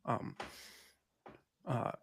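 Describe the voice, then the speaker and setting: A man co-hosting a podcast, speaking candidly and haltingly with frequent restarts as he reflects. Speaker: podcast co-host. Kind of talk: candid conversation.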